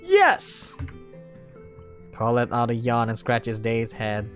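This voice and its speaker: A man's voice: mid-range voice, monotone, normal speed, smooth, faint music behind. A man reading a visual novel aloud, breaking off for jokey asides and laughter. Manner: laughs often and breaks off to crack jokes. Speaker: narrator and commentator.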